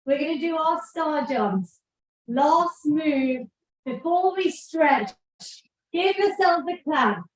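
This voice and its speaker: A woman's voice: high voice, roomy sound, recorded from a distance, low-quality recording. A woman fitness instructor coaching a live workout, encouraging and cueing each move, out of breath at times. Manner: encouraging, counting out cues.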